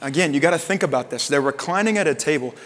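A man preaching a sermon as pastor in a conversational way, acting out quoted lines in lively voices. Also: fairly high pitch, fast talker. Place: church sanctuary. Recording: long reverb of a church hall.

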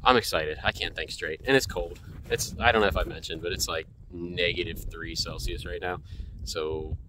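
Male outdoor vlogger, low-pitched, excitable and gushing, handheld camera outdoors. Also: moderate pace, noisy background. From United States. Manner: excitable, gushing, repeats himself. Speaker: hiking photography vlogger. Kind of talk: excited vlog narration while hiking. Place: outdoors on a cold snowy mountain trail.

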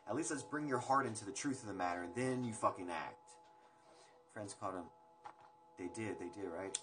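This young livestream host has a lowish, sharp-toned voice and talks a little fast. Indoors at home on a phone stream, with music going in the background, he rambles loosely with his viewers across topics and swears occasionally.

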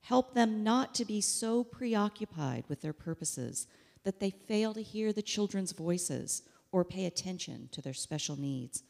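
A woman leading a congregation in a steady, reverent pastoral prayer. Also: medium pitch, measured pace, creaky, in a large hall. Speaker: worship leader leading prayer.

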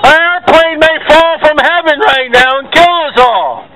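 A man preaching loudly and repetitively to passers-by at an outdoor market, straining his voice. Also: extremely high pitch, expressive, measured pace. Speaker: street preacher. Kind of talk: open-air street sermon. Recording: outdoor street noise with traffic.

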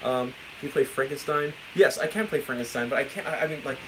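A man's voice: medium pitch, fast, noisy background. A man, a guitar teacher chatting casually on a live stream, rambling and laughing through a story. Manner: rambling, self-interrupting, laughs often while telling stories.

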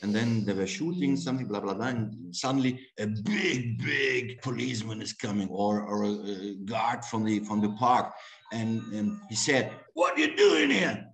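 A man with a German accent, an actor guest telling lively anecdotes in a casual interview, often laughing. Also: lowish voice, moderate pace. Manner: animated storytelling, playful laughs.

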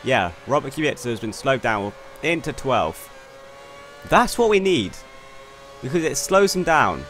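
A young man commentating on his own racing game run, excitable and quick to swear in frustration. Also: mid-range voice, soft background music. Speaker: gaming YouTuber. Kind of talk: gameplay commentary. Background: faint game car engine noise.

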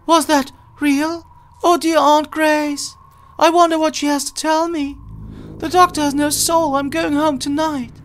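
A gamer voicing a young, kind-hearted girl while reading game dialogue aloud, with a high, sweet, tender voice. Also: little pitch movement, unhurried.

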